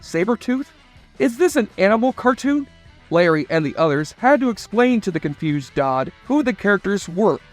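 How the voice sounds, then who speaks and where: A man's voice: high voice, very animated, moderate pace, soft background music. A man narrating a scripted nostalgia video in a chatty, enthusiastic fan manner.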